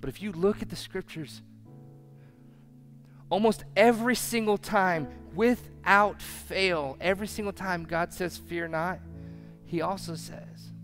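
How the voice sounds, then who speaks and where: High-voiced guy preaching, loud then quiet, acts out how people react, soft music behind. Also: measured pace. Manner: dramatic swings from loud to hushed. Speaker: pastor. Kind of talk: sermon.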